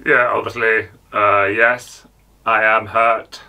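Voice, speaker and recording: A man putting on a deep droning wounded sulker. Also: takes it slowly, vocal fry, distant mic, exaggerated voice. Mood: mock hurt. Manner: mocking deadpan drone. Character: sulky wounded grown man, flatly self-pitying.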